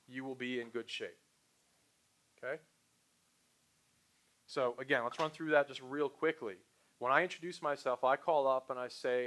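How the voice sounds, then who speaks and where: A man leading a sales training session, talking casually to trainees and acting out short phone exchanges. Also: mid-range voice. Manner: animated, acts out customer and salesperson lines. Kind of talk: live sales training talk.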